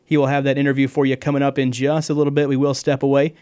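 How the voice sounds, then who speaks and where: A man hosting a radio sports scoreboard show, talking fast and pausing to catch his breath. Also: mid-range voice, completely flat delivery, darkish tone, smooth.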